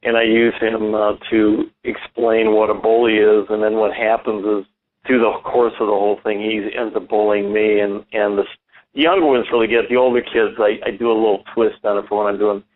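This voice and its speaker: A man's voice: on the low side, little pitch movement, brisk. Man talking over a tinny phone line. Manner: enthusiastic, rambling with repeated restarts. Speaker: ventriloquist and school speaker guest. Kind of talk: casual radio interview.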